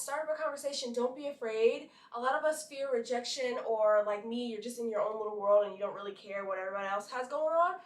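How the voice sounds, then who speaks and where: A young woman from Brooklyn tells a story to her viewers in a chatty, animated way, dropping in likes and asides. Her voice sits a little high. She is a bit back from the mic in an echoey room. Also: distant mic. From Brooklyn, New York. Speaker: model and vlogger. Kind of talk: casual storytelling to camera.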